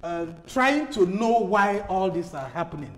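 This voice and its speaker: A man from Enugu, Nigeria, with a Nigerian accent, speaks as a studio guest on a TV panel discussion, emphatic, repeating words while searching for them and checking in with "Okay?". His voice sits high, very animated, a little slow and a bit bright.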